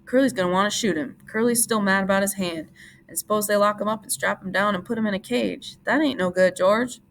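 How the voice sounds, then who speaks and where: A woman voicing a calm, steady ranch leader who speaks quietly and in a measured way. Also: medium pitch, pitched above the performer's own voice, lightly acted. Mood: grave.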